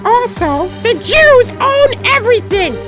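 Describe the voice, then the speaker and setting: A performer voicing a male red puppet monster who rants paranoid conspiracy theories in a squeaky falsetto, over music. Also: sing-song, slow pace, exaggerated voice. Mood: ranting. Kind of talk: parody ad with music. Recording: loud music behind.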